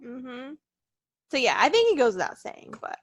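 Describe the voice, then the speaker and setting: Woman podcast co-host, fairly high, animated voice, cheeky and laughing, dry sound. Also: moderate pace, no echo. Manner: laughs often, playful, cheeky. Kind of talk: casual chat.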